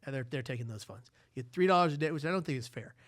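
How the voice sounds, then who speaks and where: A man from the United States, a podcast guest, telling a long story in a lively way and acting out the voices. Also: fairly high pitch, no room sound, studio quality. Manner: lively, acts out voices, quick asides. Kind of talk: animated storytelling in conversation.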